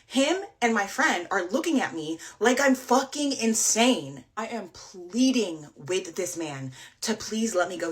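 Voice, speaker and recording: A woman's voice: lowish voice, expressive, unhurried, few pauses. A young woman telling a personal story in a casual storytime way, emotional and full of "like" fillers.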